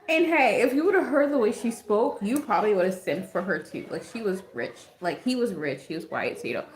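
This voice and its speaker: A woman's voice: mid-range voice, lively intonation, fairly quick, slight background noise. A young woman hosting a livestream, chatting casually with lots of fillers and giggles. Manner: rambling, giggly, many fillers. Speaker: livestream host. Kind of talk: casual chat. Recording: echoey room.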